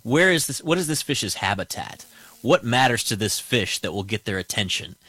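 A man's voice: fairly low pitch, big pitch swings, moderate pace, bright, forceful tone, slightly rough, no echo. A man hosting a radio interview in a conversational, folksy way. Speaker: host.

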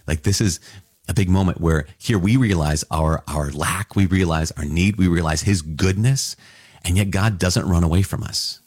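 A man teaching about scripture to a Catholic audience in an excited, marveling way, with casual asides to his listeners. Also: deep voice, normal speed, slightly rough, no room sound, clean studio sound. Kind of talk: enthusiastic scripture reflection.

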